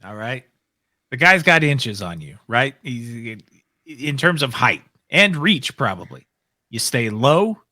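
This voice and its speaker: A man's voice: mid-range voice, sing-song, slow, pushed and bright, no room sound, clean studio sound. A man playing a tabletop game, coaching a fellow player in short, punchy phrases. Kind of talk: casual tabletop play.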